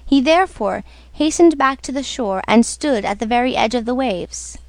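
A woman narrating a storybook on radio in a slow, measured way. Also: a little high, animated, no room sound. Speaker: story reader.

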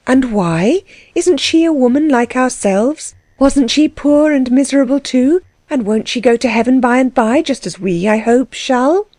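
A woman reading an audiobook, voicing a gentle, earnest young woman who is kind but firm. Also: sits high, lively intonation, a little slow, dry recording, voice pushed up.

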